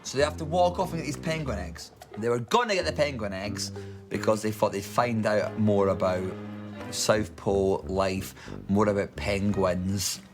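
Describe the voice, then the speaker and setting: A man, rambling drunk through a comic history story. He swears a lot and jumps into loud, silly character voices. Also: lowish voice, normal speed, over music.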